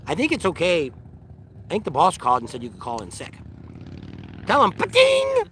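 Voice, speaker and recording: A man's voice: a little high, sing-song, a little fast, fairly bright tone, slight background noise. A man hosting a casual vlog sign-off outdoors at a campground, rambling and joking. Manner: rambling, joking, sound-effect interjections. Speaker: vlog host. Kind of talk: casual live-stream sign-off.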